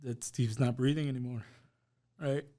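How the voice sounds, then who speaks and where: A mellow, mid-range male voice with fairly even intonation moves at a moderate pace. The man is a podcast guest relating a personal loss with feeling, performing the dialogue of everyone involved.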